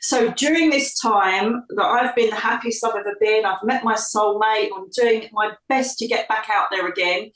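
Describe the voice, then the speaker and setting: A middle-aged woman from the UK, a psychic medium telling her life story in an interview, lively and acting out the voices of others. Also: mid-range voice, normal speed, hardly any pauses. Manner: animated storyteller, acts out quoted voices. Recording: echoey room, distant from mic.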